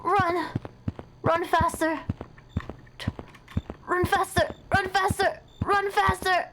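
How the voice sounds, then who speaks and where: A young woman streaming horror games live, talking excitably and profanely and shrieking at the scares. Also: very high voice, slow pace, long pauses, very noisy. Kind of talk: live gameplay commentary.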